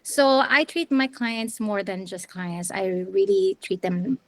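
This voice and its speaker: A middle-aged woman from the Philippines, telling her story as an interview guest in a chatty, animated way with lots of restarts. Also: medium pitch, a little slow, no echo. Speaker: interview guest, wedding planner and videographer.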